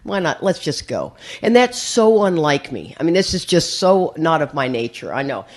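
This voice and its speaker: A woman's voice: sits low, sing-song, moderate pace. An older woman sharing her story at a recovery meeting, chatty and rambling, often repeating words as she starts a sentence. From USA. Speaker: AA speaker.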